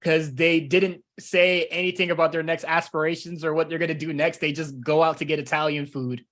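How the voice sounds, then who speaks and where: Brief: male podcast co-host, relaxed profane banter, voice a touch high. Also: fairly quick. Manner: loose, joking, profane. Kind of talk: casual wrestling chat.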